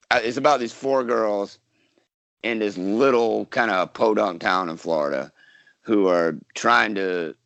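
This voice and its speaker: A man's voice: fairly low pitch, fairly bright tone, no echo. A man from South Carolina, an actor guest chatting casually in an interview, rambling with lots of fillers and restarts. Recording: dull lo-fi dry sound.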